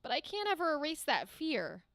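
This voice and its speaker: A guilty young girlfriend from a story game, anxious and apologetic, her high voice hesitant, as a woman reads her lines aloud. The sound is dry and close, with little room around it. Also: very animated, normal speed, fairly bright tone, dry recording, full character voice.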